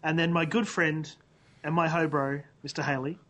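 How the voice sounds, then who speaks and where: A man's voice: on the high side, level tone, moderate pace, a bit bright. Guy hosting a podcast, chatty and playful, telling a story. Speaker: podcast co-host. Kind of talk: casual chat.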